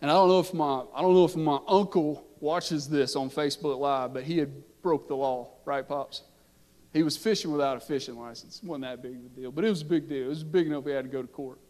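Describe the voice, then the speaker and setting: A man, a pastor telling a story in his sermon and building from quiet narration to impassioned preaching. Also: fairly high pitch, fairly quick, big-room sound. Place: church sanctuary.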